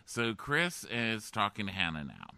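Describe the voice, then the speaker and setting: A man's voice: on the low side, wildly swooping pitch, a little slow, creaky, sharp tone, no echo. A man co-hosting a comedy podcast, sarcastic, acting out quotes in silly voices. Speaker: podcast co-host. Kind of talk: comedic recap chat.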